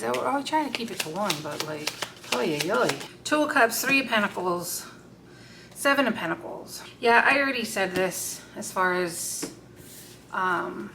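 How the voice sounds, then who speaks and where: A woman at a middle pitch, doing a loose, unscripted tarot reading. She is blunt and swears freely, talking straight to the cards and asking them for new messages. A faint hum sits under her voice. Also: a bit bright. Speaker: tarot card reader.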